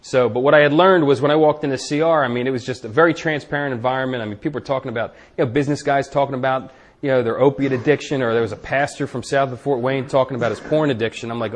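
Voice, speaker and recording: Man, middle-aged, candid testimony, conversational, medium pitch, quiet low drops on recalled thoughts. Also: fairly even intonation, fast talker. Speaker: speaker giving a recovery testimony. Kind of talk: personal testimony to a live audience.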